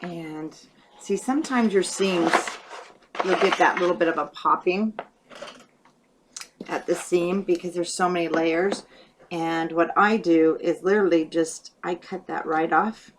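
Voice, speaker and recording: A woman's voice: fairly low pitch, unhurried, noisy background. A woman casually talking through a paper craft project step by step, thinking aloud as she works. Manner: chatty, thinks aloud while working. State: hiccups. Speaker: craft tutorial host.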